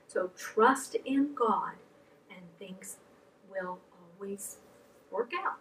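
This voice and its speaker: A woman giving an animated object lesson to children, exclaiming as she goes. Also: medium pitch, slow pace. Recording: distant mic, faint background noise.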